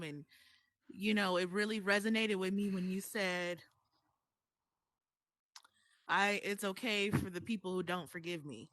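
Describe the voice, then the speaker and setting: A woman's voice: medium pitch, steady tone, slow, long pauses, a bit bright, no echo. A woman in an online voice chat who is holding back tears as she sincerely thanks someone. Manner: sincere and grateful, slightly tearful. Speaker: participant. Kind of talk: casual group voice chat.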